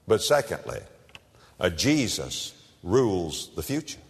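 Slow, emphatic preaching man with hall reverb. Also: sits low, sing-song, creaky. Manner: emphatic preaching with dramatic pauses and humorous illustrations. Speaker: pastor. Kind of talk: sermon.

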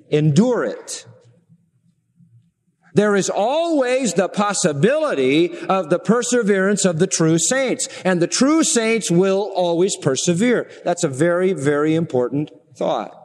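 Male preacher, high voice, measured delivery that lifts for emphasis, long hall reverb. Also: darkish tone. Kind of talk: sermon.

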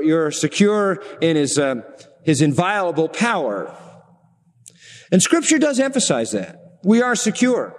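A man preaching a sermon in a measured way, rising in pitch to stress his points. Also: in a large hall.

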